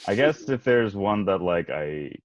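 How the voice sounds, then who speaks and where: A young man talking casually in an interview about wanting to do voice acting, hesitant and soft-spoken, with plenty of fillers. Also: sits low, lively intonation, a little slow. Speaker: guest, aspiring voice actor. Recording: muffled, lo-fi audio.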